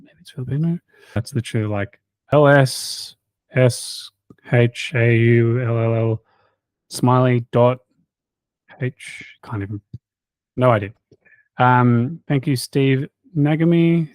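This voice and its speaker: A man in an easygoing host voice works through a long list of thanks, cracking small jokes between names and tripping over spellings. His pitch sits in a middle range, and the sound is dry and close with no room echo. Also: darkish tone. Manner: jokey, stumbles over hard names with quips. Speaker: health coach and channel host. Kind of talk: casual chat, reading out subscriber thanks.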